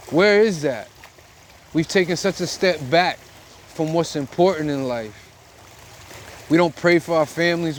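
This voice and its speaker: A man's voice: fairly high pitch, slight background noise. A middle-aged man from the United States giving an earnest, preachy monologue for his vlog, recorded outdoors by a river. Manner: earnest and preachy, speaks in repeated phrases. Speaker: vlogger. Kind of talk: reflective monologue.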